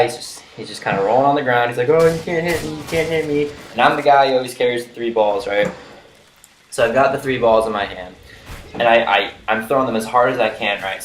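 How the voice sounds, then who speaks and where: Rambling young man with a low voice. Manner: rambling, full of "like" and "you know". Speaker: vlogger. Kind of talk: casual storytelling. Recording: roomy echo with faint noise.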